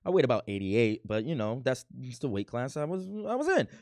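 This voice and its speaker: A man's voice: mid-range voice, expressive, a little fast, darkish tone, no room sound, studio quality. A man in his thirties from Milwaukee, casually reacting to his old video in a playful, boastful, rambling way. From Milwaukee, USA. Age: 30s.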